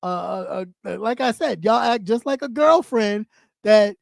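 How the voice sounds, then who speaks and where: A woman's voice: mid-range voice, lively intonation, unhurried, creaky, dry recording, studio quality. A woman hosting a live stream, talking bluntly and profanely as she scolds her audience and repeats lines for emphasis. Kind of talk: ranting live stream commentary.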